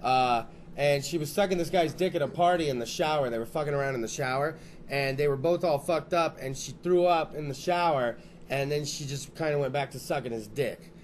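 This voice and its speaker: A man's voice: on the high side, fairly quick, a little hiss or hum. A man hosting a casual talk show, joking loosely and crudely with his guest. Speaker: podcast host. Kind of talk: casual chat.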